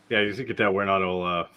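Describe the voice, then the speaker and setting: Man, low voice, relaxed live-stream host, giggly, casual cursing. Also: creaky. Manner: laughs often, swears casually. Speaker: watch party host.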